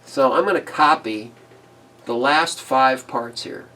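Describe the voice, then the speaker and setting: A man teaching big band arranging in a casual tutorial, relaxed, chuckling now and then and singing phrases as "ba da da". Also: medium pitch, slow, far from the mic. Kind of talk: casual screen-recorded tutorial.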